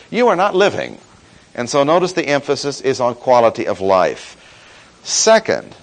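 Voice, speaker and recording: Man, sermon, measured emphatic teaching, pitch rising and falling a lot. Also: low-quality recording. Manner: measured, emphatic teaching with slow stresses on key words. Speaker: preacher. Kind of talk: expository sermon.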